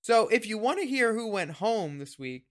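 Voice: medium pitch, sing-song, moderate pace, a bit bright. A podcast co-host in campy, sassy, giggly chat. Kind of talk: casual comedic chat.

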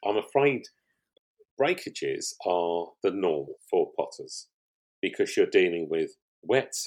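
Deep husky older man telling stories. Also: very animated, slow pace. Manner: rambling, warm storytelling with frequent restarts. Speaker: guest, pottery show finalist. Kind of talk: conversational podcast interview.

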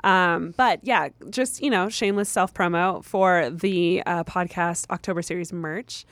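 A woman's voice: fairly low pitch, fairly even intonation, unhurried, fairly bright tone, no echo. A young woman co-hosting a podcast, chatting casually and reading a listener's story aloud. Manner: chatty, laughs often, reads steadily. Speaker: podcast co-host.

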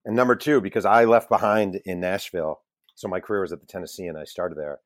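A man being interviewed as a journalist, telling self-deprecating stories in a lively, casual way with the odd swear word. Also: deep voice, quick pace, no room sound, studio quality. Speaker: guest journalist and author.

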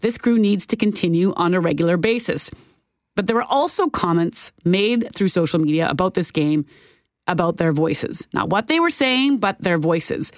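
A woman's voice: on the low side, expressive, normal speed, dry recording. A woman co-hosting a talk radio show in a studio, thoughtful and questioning as she reads listener comments and leads the discussion. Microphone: studio microphone.

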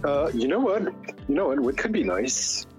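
A man's voice: a little high, very animated, moderate pace, soft background music, poor audio. Rambling Lebanese man, laughing. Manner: rambling, laughing, fumbling his words. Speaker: guest musician. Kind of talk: casual conversation. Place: outdoors, walking in the countryside.

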